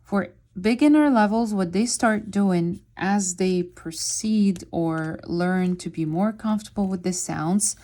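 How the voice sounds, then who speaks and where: A woman teaching Arabic reading to beginners, sounding out words syllable by syllable in a slow, deliberate way. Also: mid-range voice, warm tone. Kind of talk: spoken lesson while writing on a board.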